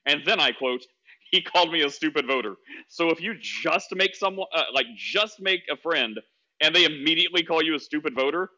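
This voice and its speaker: Bright-voiced joking man hosting. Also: a little high, animated, low-quality recording. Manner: quick, joking and teasing. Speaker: host of a call-in discussion room. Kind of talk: casual call-in discussion.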